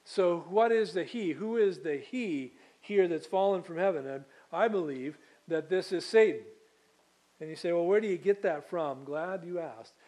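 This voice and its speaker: A man's voice: high voice, moderate pace, mellow, low-quality recording. A man preaching a sermon, reading scripture aloud and then explaining it with asides and small slips. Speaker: pastor.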